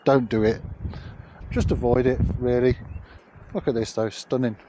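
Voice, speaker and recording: A man's voice: medium pitch, fairly even intonation, moderate pace, background noise. A man vlogging casually outdoors on a cycling trip, chatty and jokey, swearing freely, recorded on a handheld camera. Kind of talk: casual travel vlog.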